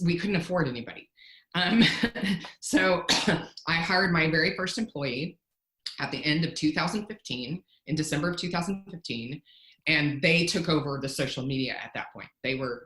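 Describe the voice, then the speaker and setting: A woman's voice: sits low, fairly bright tone, echoey room, poor audio. A woman, a company founder, telling a candid, self-deprecating story in a casual interview, often restarting her sentences.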